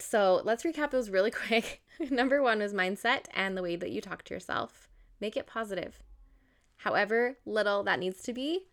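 A woman's voice: medium pitch, a bit bright. A young woman vlogging in a casual talk to camera, bubbly and chatty, laughing often and using lots of fillers.

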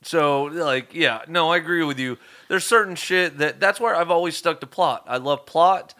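A man co-hosting a podcast in casual chat, excitable and swearing freely. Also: a little high, normal speed. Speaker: podcast co-host.

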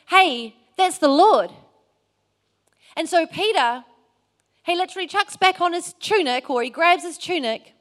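High-voiced woman preaching a sermon. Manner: earnest, storytelling with acted quotes.

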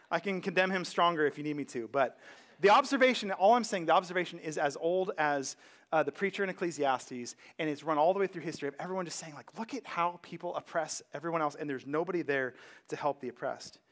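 A man with a fairly high voice preaching a sermon to a church. He talks in a loose, conversational way, full of fillers and asides, and gets animated as he goes. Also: fast. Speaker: pastor. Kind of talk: casual sermon. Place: church sanctuary.

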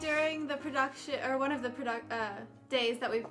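A woman's voice: sits high, brisk. A woman guest telling a story in a casual chat, a bit hesitant. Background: music.

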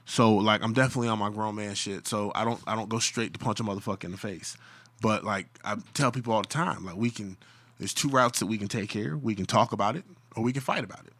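A man with a bright, forceful voice tells a work story on a podcast, throwing himself into it. He sits close to a dry mic. His delivery is loose and comic, and he laughs as he goes. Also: fairly low pitch, quick pace, no room sound. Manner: animated storyteller, acts out voices in quotes, laughs often. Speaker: podcast co-host. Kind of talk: casual storytelling chat.

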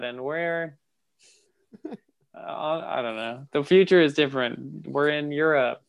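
Man, casual comedic riffing, acts out voices, clear resonant tone, slightly high. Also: slow, pauses often, narrow, tinny audio. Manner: improvises absurd stories, acts out quoted voices.

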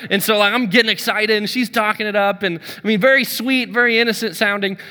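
A man on a church staff preaching a sermon, telling a story with lively energy and acting out the dialogue. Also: high voice, fast, big-room sound. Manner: energetic, acts out dialogue in his stories.

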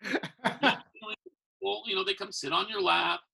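A man's voice: sits high, fairly even intonation, fairly quick, vocal fry, pushed and bright, husky, rough recording. A man who works as a professional Santa and magician, telling stories in a rambling, casual way and acting out the people he quotes. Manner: rambling, acts out quoted voices. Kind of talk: casual conversational storytelling.

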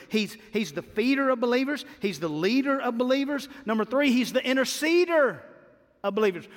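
A man's voice: very high-pitched, expressive, moderate pace. A man preaching a sermon with emphatic delivery, repeating key words and rising on his refrains. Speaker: pastor. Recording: hall reverb.

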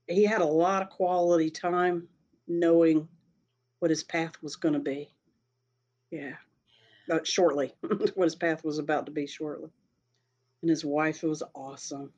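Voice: medium pitch, little pitch movement, a little slow, pauses often, a little mellow, highs cut off. A speaker telling a personal story in a casual, rambling way, often breaking into laughter. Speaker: storyteller sharing a personal experience.

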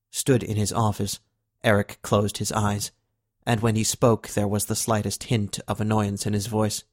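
Male audiobook narrator, lower pitch, steady scripted read. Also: normal speed, no room sound, clean studio sound. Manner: steady, even storytelling.

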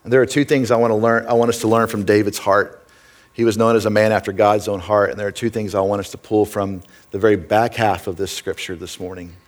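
A man's voice: on the low side, steady tone, fast talker. A middle-aged man preaching a sermon as pastor, earnest and conversational, often checking in with "right?".

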